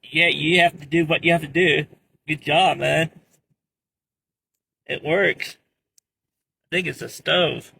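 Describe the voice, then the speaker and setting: A man's voice: a little high, fairly even intonation, slow pace, gravelly, long pauses, bright, forceful tone, slightly rough. A man filming and commenting in an amused, encouraging way.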